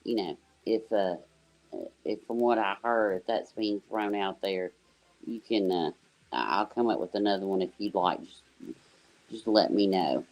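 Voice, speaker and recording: A woman's voice: extremely low pitch, normal speed, a little mellow. A woman joining a livestream panel as a guest, talking in a loose, rambling way with lots of filler words. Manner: rambling, full of "you know" fillers. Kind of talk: casual livestream chat.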